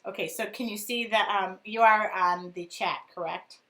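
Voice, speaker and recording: A woman's voice: mid-range voice, steady tone, normal speed, a bit bright. A woman hosting a casual craft livestream, giggling often and reading viewer comments aloud. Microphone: phone speakerphone call alongside.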